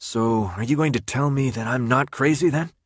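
A man's voice: medium pitch, normal speed, no room sound, natural voice. Guy doing a mouthy teen boy, sarcastic and defiant, dry close sound. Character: tense defiant teenage boy held captive.

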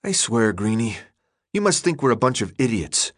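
A man's voice: medium pitch, big pitch swings, moderate pace, dry recording, studio quality. A man doing a harsh, snapping teenage boy. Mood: gruff, scornful. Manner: harsh, snapping, swings into despair. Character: tough, panicky teenage boy maze runner. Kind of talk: audiobook character voice.

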